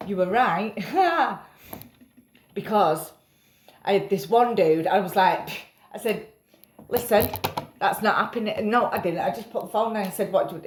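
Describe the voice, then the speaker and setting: A woman's voice: mid-range voice, normal speed, long pauses, reverberant, slight background noise. A tired woman rambling in a casual vlog, self-mocking and swearing casually. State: tired after a night up. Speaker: vlogger.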